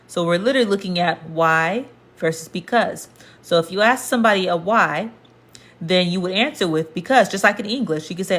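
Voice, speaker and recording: Low-voiced woman teaching a language lesson. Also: brisk, fairly bright tone. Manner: explains patiently, repeats points, talks to the viewer. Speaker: Spanish teacher.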